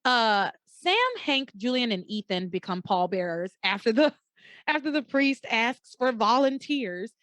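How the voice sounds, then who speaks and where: A young woman hosting a podcast, casually retelling soap opera scenes and acting out the characters' lines in a high, dramatic voice. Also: unhurried, no echo. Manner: animated storytelling, acts out quotes in a high dramatic voice. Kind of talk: casual chat.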